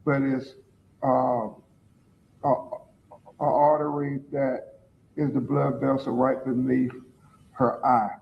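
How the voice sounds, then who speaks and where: Man, slow gravelly halting read-aloud, dull lo-fi clip, faint room hum. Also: medium pitch, level tone. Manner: halting, stumbling reading. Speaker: attorney at a press conference. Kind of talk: reading a report aloud.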